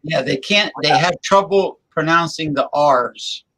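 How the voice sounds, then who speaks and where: A man's voice: on the high side, measured pace, bright, forceful tone, low-quality recording. A man co-hosting a casual talk show, rambling with lots of fillers and restarts. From New Jersey. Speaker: co-host. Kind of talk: casual chat.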